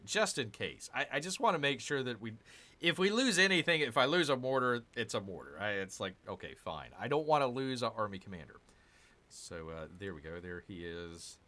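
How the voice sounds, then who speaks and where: A man's voice: fairly low pitch, sharp tone. A man giving casual gameplay commentary, grumbling and sarcastic as he talks to his viewers. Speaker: gaming channel host.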